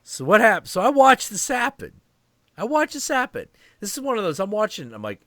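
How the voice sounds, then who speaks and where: A man hosting a stream, telling a story in a casual, animated, profane and rambling way. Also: high-pitched, moderate pace, no echo, clean studio sound.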